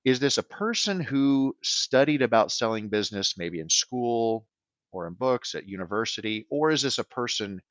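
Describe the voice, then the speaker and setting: A man's voice: mid-range voice, expressive, normal speed, a bit bright, dry recording, highs cut off. A man who works as a business transition advisor, answering podcast interview questions in an earnest way and often checking in with "right?".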